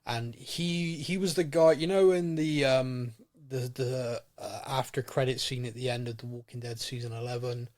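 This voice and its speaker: Guy cohosting a podcast, rambly, stumbles over his words a lot, normal pitch. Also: fairly even intonation, moderate pace, few pauses, a little mellow. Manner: rambling, repeats words when starting sentences. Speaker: podcast co-host. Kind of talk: casual chat.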